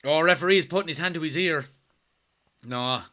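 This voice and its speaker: Irish watchalong host, fairly high, piercing tone, fired-up match commentary. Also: male voice, normal speed. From Ireland, Kilkenny. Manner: excitable, yells at the referee, swears; reads out chat messages.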